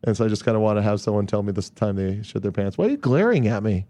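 A man's voice: fairly low pitch, animated, fast talker, warm tone. A man co-hosting a podcast, chatting in an easygoing, rambling way with laughs. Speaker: podcast co-host. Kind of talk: casual comedic banter.

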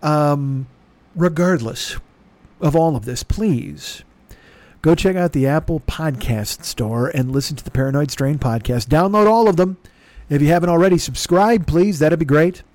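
A man's voice: a little high, measured pace, a little mellow, dry recording. Rambling, profane man on a dry mic. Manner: profane, self-mocking, talks in circles. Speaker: podcast host. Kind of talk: rambling comedic monologue.

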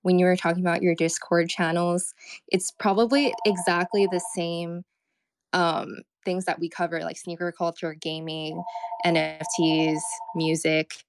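A woman's voice: lowish voice, level tone, measured pace, clear, resonant tone, no echo. A young woman co-hosting a casual online talk show, chatting in a rambling way with lots of fillers. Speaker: co-host. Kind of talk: casual chat.

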